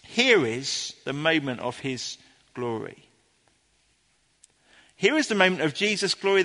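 A man preaching a sermon to a congregation in an earnest, explaining way, sometimes pausing with ums and restarting his sentences. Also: a little high, sharp tone, big-room sound. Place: church before a congregation.

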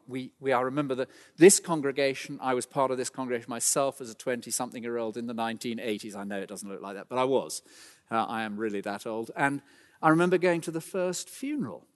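A man's voice: medium pitch, long reverb tail. A middle-aged man preaching a sermon in a church, earnest and building to fervent emphasis. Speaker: pastor.

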